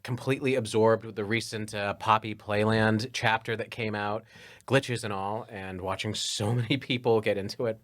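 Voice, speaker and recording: A man's voice: medium pitch, a bit bright. A man co-hosting a comedy podcast, talking in a playful, jokey way and laughing often at his own bits. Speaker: podcast co-host. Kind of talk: casual comedic chat.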